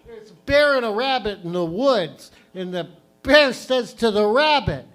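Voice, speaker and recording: A man hosting a live stand-up show on stage, loud and profane, rambling between jokes. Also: high voice, animated, normal speed. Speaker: comedy show host. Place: live comedy venue stage.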